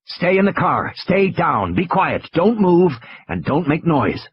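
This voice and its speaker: A man voicing a calm adult man who gives firm, steady instructions over a radio, in an audiobook reading. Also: fairly high pitch, a little slow, husky, no echo, highs cut off, voice pushed up, full character voice.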